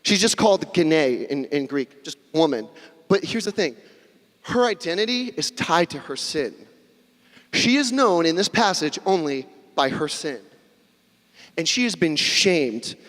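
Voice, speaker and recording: A man's voice: on the high side, big pitch swings, a little slow, a bit bright. A young man preaching a casual, conversational sermon in a church, with joking asides and little acted-out quotes. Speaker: pastor. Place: church sanctuary. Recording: long hall reverb.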